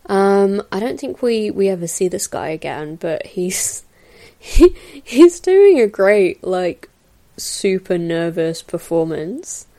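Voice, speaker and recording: This podcast host has a mid-range, mellow voice and speaks slowly but with lots of animation. Chatting loosely through a film commentary, she fills gaps with fillers and little laughs, all captured on a new podcast mic.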